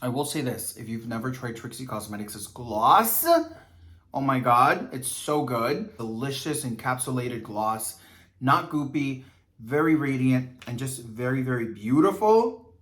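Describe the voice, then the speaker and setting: A man's voice: mid-range voice, unhurried, a bit bright, echoey room. A man co-hosting a vlog, chatting in a campy, sassy way and calling people girl and honey. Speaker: vlogger co-host. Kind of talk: casual chat review.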